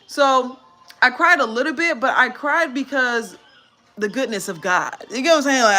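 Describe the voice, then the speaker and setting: A woman's voice: on the high side, pushed and bright. A tired woman giving a candid live-stream testimony, telling her story animatedly and using church slang. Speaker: vlogger.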